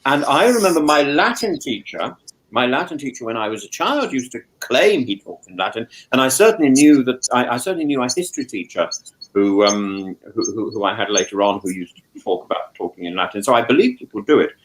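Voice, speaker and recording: A man hosting a casual talk show, chatting at home. He stumbles over his words and repeats them. His voice swings widely up and down in pitch as he talks. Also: a little fast, poor audio. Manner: stammering, repeats words, animated asides. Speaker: podcast host, professor. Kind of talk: casual chat. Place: home in lockdown.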